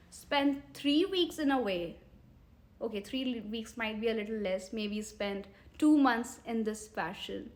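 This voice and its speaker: A woman in her thirties with an Indian English accent, coaching English learners on a live stream, coaxing viewers and reading their comments aloud. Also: a little high. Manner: earnest, coaxing, repeats questions to viewers; pauses to read and answer viewer comments. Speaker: English teacher.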